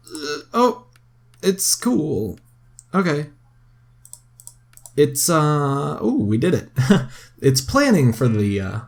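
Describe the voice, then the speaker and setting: A young man giving casual, chatty commentary on a game he is playing, excitable and often crying out in dismay. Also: on the low side, vocal fry. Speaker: gaming video host.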